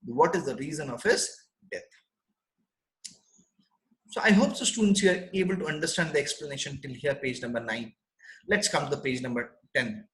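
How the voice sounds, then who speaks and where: A man teaching, reading a story line by line and explaining it in simple English, with an animated delivery. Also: on the high side, normal speed, long pauses, echoey room, low-quality recording. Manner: animated, reads text aloud then explains in simple English. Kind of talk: line-by-line literature lesson.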